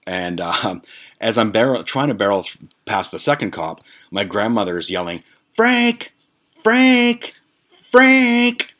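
A man's voice: sits low, normal speed, fairly bright tone. A man hosting a podcast, telling a rambling, profane story with lots of fillers and restarts. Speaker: podcast host. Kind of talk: casual storytelling rant.

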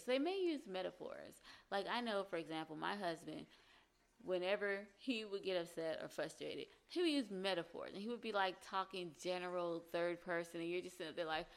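A woman's voice: on the low side, lively intonation, fairly quick, creaky. A woman giving casual relationship advice, explaining earnestly and acting out example phrases.

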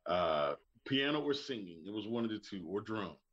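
A man in his forties with a Southern US accent, telling lively stories as a podcast guest and mimicking other people's voices. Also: on the low side, normal speed. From Birmingham, Alabama. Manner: animated storyteller, mimics voices. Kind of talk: casual interview chat. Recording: dull lo-fi audio.

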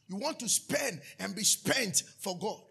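A man preaching a sermon as pastor, swinging from sudden shouts to hushed asides. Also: high voice, animated, measured pace, vocal fry, breathy edge.

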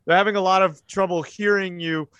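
A man narrating as game master in a relaxed, joking way. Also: high-pitched, fairly quick, clean tone, no echo, dull audio.

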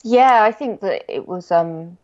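A woman guest talking casually in an interview, telling stories with lively quoted exchanges and frequent laughs. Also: on the low side, unhurried. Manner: animated anecdotes, acts out quoted exchanges, laughs often. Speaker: guest, designer and illustrator. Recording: dull lo-fi podcast recording.

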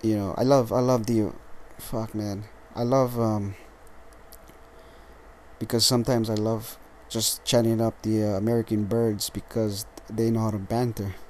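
A man's voice: lowish voice, level tone, a little mellow, slight background noise. Tired, rambling man podcasting solo. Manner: rambling, halting, with frequent restarts and swearing. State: tired and lethargic. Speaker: podcast host. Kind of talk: casual solo podcast talk.

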